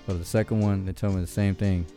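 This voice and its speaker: A man's voice: fairly even intonation, fast talker, faint music behind. A man casually telling a story to friends, profane and laughing often. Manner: laughing, profane, gets loud and high when worked up.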